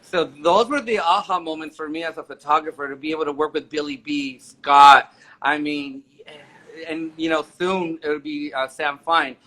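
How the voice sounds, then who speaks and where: A man's voice: on the high side, steady tone, normal speed, bright, forceful tone. A man in his forties talking as an interview guest, enthusiastic and rambling with many restarts. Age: 40s. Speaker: interview guest, makeup artist and photographer. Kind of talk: casual interview chat.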